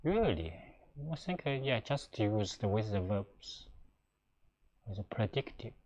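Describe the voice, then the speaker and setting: A middle-aged native Chinese speaker teaches a casual language lesson in halting, Chinese-accented English, with many fillers and restarts. His voice is fairly low and darkish, and the recording sounds muffled.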